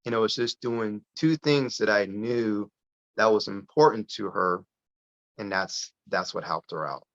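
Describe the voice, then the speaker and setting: A man telling a personal story as a guest on a podcast interview, lively and full of restarts. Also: fairly low pitch, unhurried. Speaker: podcast guest, parent advocate. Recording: dull lo-fi sound.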